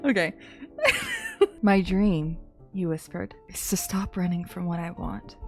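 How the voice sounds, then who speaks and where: Woman, lowish voice, reads fanfiction aloud, soft hushed narration, excited asides, faint music behind. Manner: soft hushed reading broken by excited reactions. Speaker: content creator. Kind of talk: reading fanfiction aloud with commentary.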